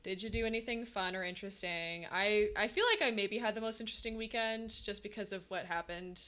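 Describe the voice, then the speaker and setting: A woman game streamer chatting casually with her viewers, talkative and quick to laugh as she answers chat. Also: mid-range voice, fairly even intonation, sharp tone.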